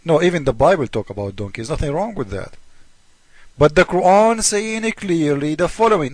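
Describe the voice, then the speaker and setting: A man's voice: sits high, big pitch swings, moderate pace, no echo. Emphatic man lecturing. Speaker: video host. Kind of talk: argumentative video monologue.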